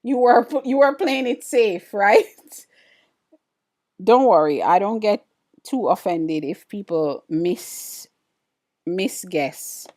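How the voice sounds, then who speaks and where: A woman's voice: medium pitch, lively intonation, slow pace, darkish tone. A woman with an Antiguan accent hosting a live stream, chatting casually and with curiosity as she answers viewer comments. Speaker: livestream host.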